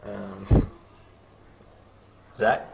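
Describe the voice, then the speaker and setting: A man's voice: lowish voice, steady tone, very slow, gravelly, background noise. An Australian man answering quiz questions with brief, plain replies. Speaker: quiz contestant.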